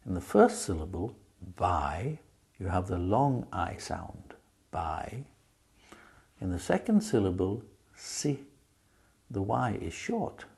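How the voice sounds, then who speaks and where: A man with a deep, darkish voice, carrying vocal fry and a breathy edge, teaches a spelling lesson. He patiently sounds out syllables and words, drawing out each demonstration.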